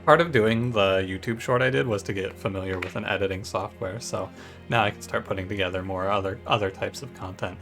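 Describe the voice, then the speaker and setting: A man's voice: fairly low pitch, brisk, creaky, a bit bright, faint music behind. A man casually chatting to his viewers in a rambling way while commenting on his gameplay. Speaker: gaming YouTuber.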